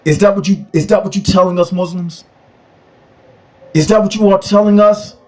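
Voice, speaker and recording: A man's voice: high-pitched, steady tone, normal speed, darkish tone. A man preaching a mocking rant, firing rhetorical questions one after another. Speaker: religion critic.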